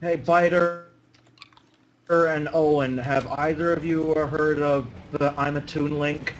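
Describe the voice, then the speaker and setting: A man chatting casually on a group call from outdoors on a porch, halting with many restarts. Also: on the high side, level tone, muffled recording, slight background noise. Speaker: podcast panelist.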